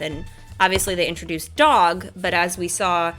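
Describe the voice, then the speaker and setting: A woman hosting a casual chat, animated and enthusiastic, often laughing as she talks. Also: fairly low pitch, normal speed, faint music behind. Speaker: host.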